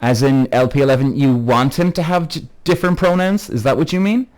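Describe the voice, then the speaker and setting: A man's voice: mid-range voice, fairly quick, darkish tone. A man runs a live podcast Q&A, chatting loosely with viewers and greeting them by name. He rambles and gets worked up, swearing freely. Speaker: podcast host. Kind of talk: live-stream Q&A, reading out comments.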